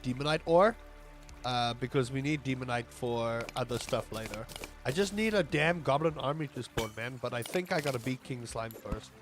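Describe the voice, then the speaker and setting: Young South African male streamer, rambling and jokey, pitched a touch high, with soft music behind him. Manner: rambling, jokey, talks to chat while playing. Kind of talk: casual gameplay livestream chat.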